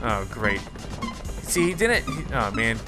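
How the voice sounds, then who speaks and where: A man's voice: medium pitch, measured pace. Flustered man doing gameplay commentary. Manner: excitable, flustered, talks to the game. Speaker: gaming video host. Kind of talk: let's play commentary. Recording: clear game music behind.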